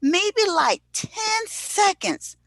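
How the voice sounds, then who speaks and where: A woman's voice: very high-pitched, animated, extremely slow, fairly bright tone, no echo. A woman hosting a show, introducing the next performer with effusive enthusiasm over a video call. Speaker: host. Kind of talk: casual introduction.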